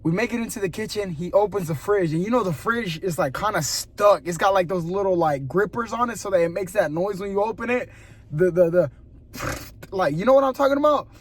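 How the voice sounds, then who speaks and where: A young man vlogging, telling a story in casual chat, animated and laughing often, dropping to a hushed voice for suspense. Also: high voice, a little fast. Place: parking lot at a gym at night.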